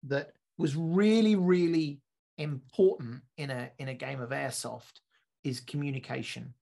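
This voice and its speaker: A man co-hosting a podcast, telling stories in a lively, casual way and often restarting and repeating words as he thinks. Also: medium pitch, a little slow, creaky. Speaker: podcast co-host.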